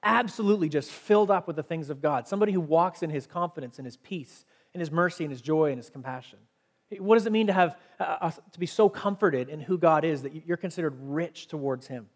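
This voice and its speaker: A man's voice: a little high, brisk. A man preaching a sermon as pastor, conversational and earnest, reading scripture aloud between his own explanations.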